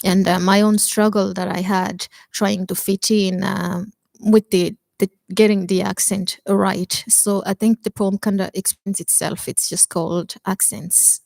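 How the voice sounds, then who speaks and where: A woman from Congo who is a poet, giving hesitant introductions and then reading her verse slowly and deliberately. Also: medium pitch, little pitch movement, vocal fry, darkish tone, no echo. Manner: hesitant, halting introductions full of "um". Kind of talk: poetry reading with spoken introductions.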